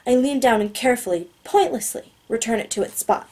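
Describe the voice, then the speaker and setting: A woman narrating a novel in the first person, steady and plain. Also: a little high, a little fast. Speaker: audiobook narrator.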